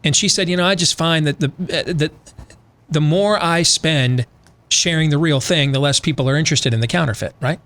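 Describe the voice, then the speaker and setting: A male talk radio host with a slightly high voice, leaning on rhetorical questions in a loose, emphatic monologue. He shifts easily into a sponsor read without losing the conversational tone. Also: moderate pace, fairly bright tone.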